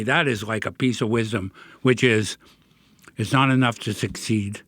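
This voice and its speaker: A man's voice: mid-range voice, normal speed, a bit bright, no room sound. Reflective middle-aged man hosting a podcast. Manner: reflective, self-deprecating. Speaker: podcast host. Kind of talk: casual podcast chat.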